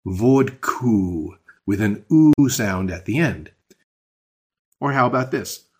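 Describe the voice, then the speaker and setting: A man's voice: fairly low pitch, lively intonation, slow, breathy edge. A man hosting a scripted podcast language lesson, explaining patterns step by step with spoken examples. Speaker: language teacher and podcast host.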